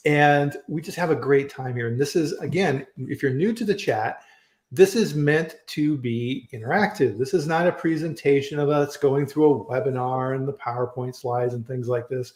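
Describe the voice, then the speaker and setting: A man's voice: mid-range voice, moderate pace, a little mellow. A man hosting a live online chat, talking casually and rambling with restarts and fillers. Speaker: host of a live online food safety chat. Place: home in Colorado. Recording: roomy echo.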